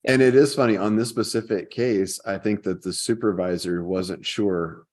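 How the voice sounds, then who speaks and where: A man's voice: lowish voice, normal speed. A man hosting a podcast in casual chat, telling stories and acting out quoted lines with energy. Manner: storytelling, animated when quoting. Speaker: podcast host.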